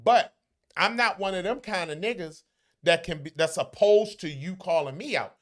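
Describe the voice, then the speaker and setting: A man's voice: high voice, normal speed. A man talking casually, blunt and profane, with emphatic, brash delivery. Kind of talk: casual chat.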